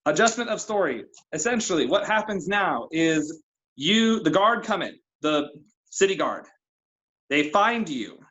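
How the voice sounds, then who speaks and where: Man running a tabletop game, halting. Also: sits high, big pitch swings, fairly bright tone, muffled recording. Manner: halting narration with many fillers. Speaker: game master. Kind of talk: narrating a tabletop game over a call.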